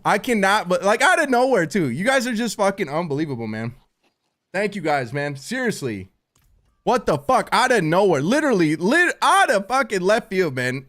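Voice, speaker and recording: A man live-streaming while gaming, excitable and swearing a lot, stammering through restarts and calling everyone dude and bro. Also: fairly high pitch. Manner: stammering restarts when overwhelmed.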